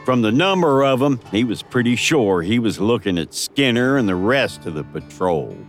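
A man narrating a western audiobook in a dramatic, expressive storytelling manner. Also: mid-range voice, normal speed, soft background music.

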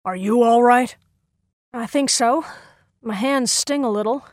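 A man voicing a brisk, matter-of-fact woman medic in an audiobook. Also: very high voice, no room sound, studio quality, voice pushed up.

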